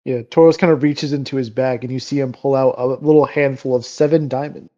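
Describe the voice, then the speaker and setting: A man's voice: mid-range voice, fairly even intonation, fairly quick, warm tone, highs cut off. A man running a tabletop game as game master, laid-back and laughing often, with many "uh" fillers.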